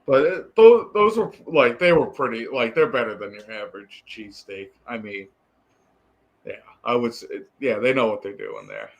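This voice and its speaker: A man's voice: mid-range voice, moderate pace. Young man, Boston accent, podcast guest, easygoing, lots of fillers. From Boston area. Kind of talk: casual podcast chat.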